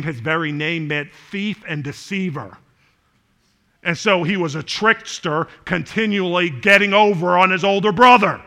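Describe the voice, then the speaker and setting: A man preaching a sermon to a church congregation, asking them questions and swinging from loud, fervent passages to soft, quiet ones. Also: high voice. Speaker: pastor.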